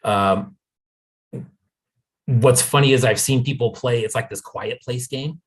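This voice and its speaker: A man's voice: mid-range voice, unhurried, slightly rough. A middle-aged man from the United States hosting a podcast in a laid-back, casual way, often saying dude and man. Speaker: podcast host. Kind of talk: casual chat.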